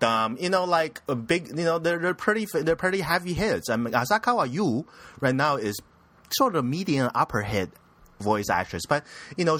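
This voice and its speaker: A man's voice: mid-range voice, a bit bright, dry recording. A young man hosting a casual anime news podcast, rambling and crude, often giggling at his own jokes. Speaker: podcast host.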